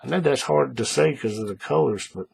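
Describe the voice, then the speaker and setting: A man calmly talking through a paracord bracelet tutorial step by step, patient and repetitive, often checking in with the viewer. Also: mid-range voice, a little fast, creaky, slightly rough. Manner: patient, repeats steps, checks in with "all right?". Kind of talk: hands-on craft tutorial.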